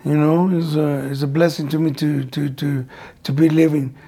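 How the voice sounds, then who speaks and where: A man's voice: on the high side, little pitch movement, moderate pace, vocal fry, warm tone. A man in his forties, a guest in a casual interview, telling stories in a rambling way, repeating words and dropping in Spanish slang. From United States. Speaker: guest, former boxer.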